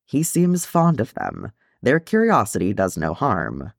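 A man voicing the ghost of a dwarf king, gruff yet soft and tender. The low voice is gravelly, and the pitch rises and falls widely. It is a dry, close storybook recording. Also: huge pitch swings, unhurried, no room sound, exaggerated voice.

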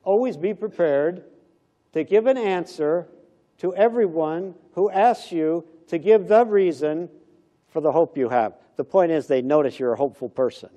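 A man's voice: sits high, expressive, moderate pace, dark tone. A middle-aged pastor preaching a conversational sermon, acting out little everyday dialogues as he goes.

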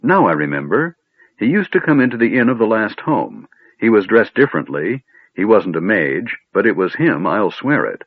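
A man's voice: lowish voice, big pitch swings, moderate pace, husky, no echo, exaggerated voice. A man voicing an earnest, severe warrior. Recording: tinny phone-like band, dry.

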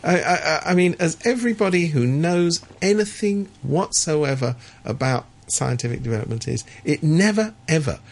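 A man's voice: fairly high pitch, lively intonation, normal speed, gravelly, few pauses. A man giving sardonic, opinionated commentary in a radio studio, stammering and restarting as he talks.

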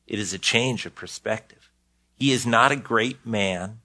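Slow, bright-voiced male pastor preaching. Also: on the low side. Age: older. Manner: earnest, repeats words when starting phrases. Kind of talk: sermon.

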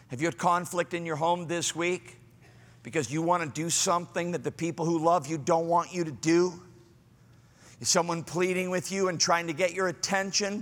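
A man preaching a sermon as pastor, dramatic, swinging from hushed to loud. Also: on the high side, long reverb tail.

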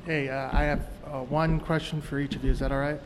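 A man in the audience with a slightly raised voice asks the panel a question, halting over fillers. He sounds some way off in a reverberant hall, with faint room noise behind him. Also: on the high side, little pitch movement. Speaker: fan asking questions. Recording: distant audience mic in echoey hall.

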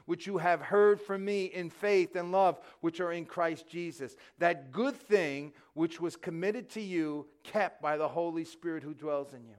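A middle-aged man preaching a sermon, passionate, often repeating words and swinging between loud bursts and hushed moments. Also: fairly high pitch, a little slow, few pauses. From New York. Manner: repeats words when excited. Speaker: pastor.

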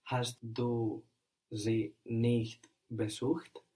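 A man answering slowly and carefully as a student in a spoken language lesson. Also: mid-range voice, level tone, mellow.

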